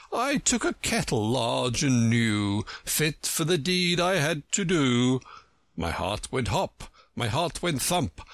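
A man's voice: gravelly, dry recording, exaggerated voice. A man playing a huffy, proud storybook egg, pompous and sing-song. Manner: pompous, lofty, reciting verse with high swoops. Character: proud touchy egg-shaped male storybook figure.

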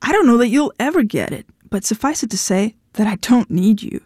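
A woman's voice: fairly high pitch, expressive, brisk, darkish tone, breathy edge, no room sound, studio quality. A woman voicing a blunt, cold young woman who speaks sharply and defiantly, reading a story aloud. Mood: cool.

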